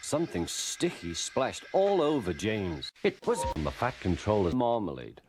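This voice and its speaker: A man narrating a children's story in a gentle, measured reading voice. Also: lowish voice, wildly swooping pitch. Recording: narration over loud music.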